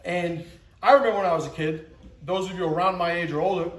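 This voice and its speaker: A man's voice: steady tone, quick pace, reverberant, poor audio. A man in his forties giving a motivational talk, emphatic and acting out little scenes as he speaks. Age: 40s. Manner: emphatic, acts out scenes with rising pitch and shouts.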